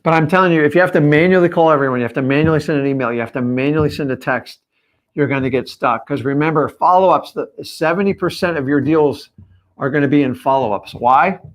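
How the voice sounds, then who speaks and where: A man's voice: fairly high pitch, fast. A man teaching in a live stream, punchy and emphatic, firing rhetorical questions at his viewers. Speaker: real estate coach.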